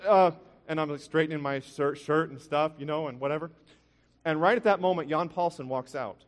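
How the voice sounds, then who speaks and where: A man's voice: a little high, fairly quick. A man preaching a sermon, telling a personal story earnestly, with frequent restarts. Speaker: pastor. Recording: long hall reverb.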